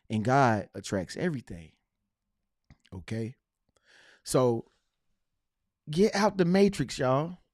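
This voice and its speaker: A man's voice: medium pitch, no echo, studio quality. A man giving a slangy, repetitive motivational talk to his viewers. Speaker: motivational vlogger.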